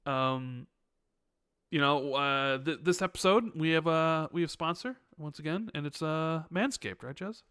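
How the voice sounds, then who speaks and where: A man's voice: a little high, a little slow, fairly bright tone, smooth, dry recording, clean studio sound. A man co-hosting a casual podcast, rambling loosely with lots of fillers, talking through a sore back. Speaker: podcast co-host.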